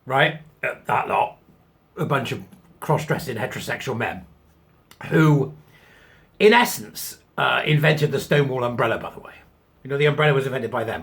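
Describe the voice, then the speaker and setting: A man's voice: mid-range voice, gravelly, fairly bright tone. A middle-aged man hosting his own show, talking in a chatty, sarcastic way and laughing at his own jokes. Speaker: host. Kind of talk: casual commentary.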